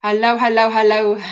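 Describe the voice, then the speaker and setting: A woman's voice: fairly high pitch, highs cut off. A South African woman hosting a crochet livestream, chatting casually, greeting viewers by name and calling them sweetheart. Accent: South African English. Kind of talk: casual live chat reading comments.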